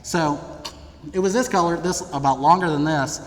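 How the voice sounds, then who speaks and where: A young man from Middle Tennessee telling funny stories about his own past to college students, in a lively, theatrical, self-deprecating way. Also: on the high side, normal speed. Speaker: speaker addressing college students. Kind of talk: humorous personal storytelling. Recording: long reverb of a large hall, faint background noise.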